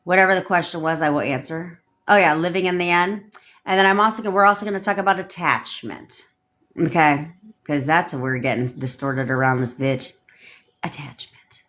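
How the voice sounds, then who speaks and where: A woman's voice: on the low side, brisk, a bit bright. A woman manifestation coach on a livestream, ranting bluntly with lots of swearing and repeating commanding affirmations.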